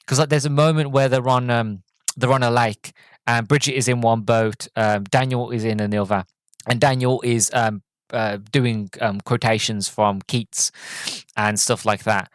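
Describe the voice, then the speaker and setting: A male podcast host reviews a movie solo in a mid-range, steady voice at a moderate pace. His casual retelling rambles and corrects itself, with many restarts, and the recording is dry.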